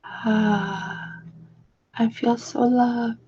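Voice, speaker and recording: A woman's voice: a little high, fairly even intonation, extremely slow, mellow, breathy edge, muffled recording. A woman hosting a casual live stream, chatty and affectionate as she reads out viewer comments. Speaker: live-stream host and reseller.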